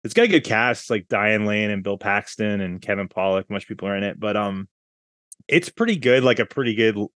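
A man's voice: lowish voice, a little fast, fairly bright tone, clean tone, dry recording, studio quality. A man hosting a casual movie podcast, talking in a rambling way and laughing as he speaks. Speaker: podcast host.

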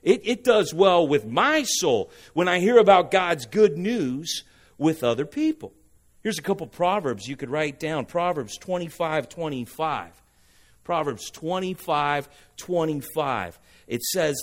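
Man as an animated pastor with a slightly high voice, preaching a sermon and drawing responses from the congregation. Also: unhurried. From Southern California.

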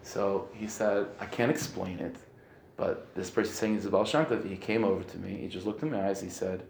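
A man telling a story in a casual, animated way, acting out the people in it with many restarts. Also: low-pitched, a little fast, creaky, echoey room, slight background noise. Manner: animated, acts out quoted voices, frequent restarts.

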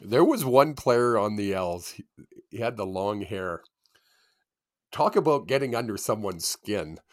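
A man's voice: on the low side, measured pace. A man co-hosting a casual sports podcast, laughing often as he tells stories. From Canada. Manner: laughs often, lively storytelling. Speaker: podcast co-host.

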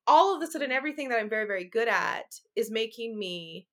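A woman in her forties chatting casually as a podcast guest, talking in animated, frank rants with some swearing. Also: fairly high pitch, quick pace. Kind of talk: casual conversational chat.

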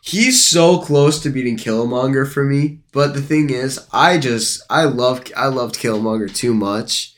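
A man's voice: medium pitch, measured pace, few pauses. A man co-hosting a casual movie review podcast, laid-back and joking in short replies. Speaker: podcast co-host.

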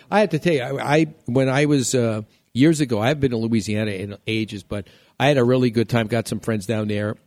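A man's voice: mid-range voice, a little mellow, no room sound. A man from New York hosting a home improvement radio show, joking and rambling in a casual way. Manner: joking, rambling, laughs often.

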